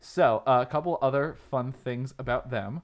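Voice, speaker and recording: A man's voice: medium pitch, normal speed. A man co-hosting a casual comedy podcast, joking and rambling as he shares facts. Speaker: podcast co-host.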